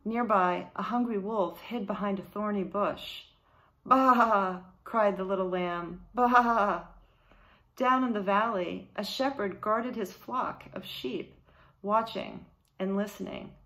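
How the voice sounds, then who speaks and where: Slow-reading children's ministry teacher, woman. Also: mid-range voice, fairly bright tone. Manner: slow, clear read-aloud. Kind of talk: reading a Bible storybook aloud to children.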